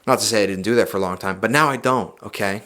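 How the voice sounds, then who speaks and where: A young man on a podcast, talking in a loud, preachy, emphatic way and swearing freely in casual chat. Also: on the low side, fast talker. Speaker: podcast guest.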